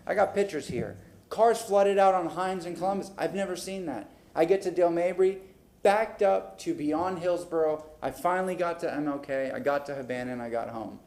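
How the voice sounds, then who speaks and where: A male city council member airing his frustrations at a public meeting, talking in an animated way and acting out conversations, into a desk microphone in a council chamber. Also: on the high side.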